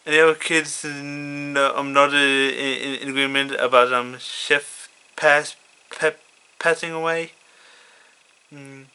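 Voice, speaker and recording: A man casually reading his own fan story, halting and stuttering with many fillers. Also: medium pitch, steady tone, pushed and bright, smooth. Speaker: fan fiction reader.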